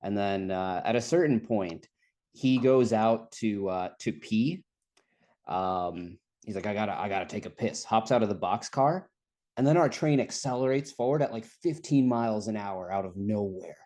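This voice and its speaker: A young man with a fairly low voice tells a long, rambling story in casual conversation. He laughs often and swears freely as he goes. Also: expressive, unhurried, dark tone. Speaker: guest storyteller. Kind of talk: casual chat.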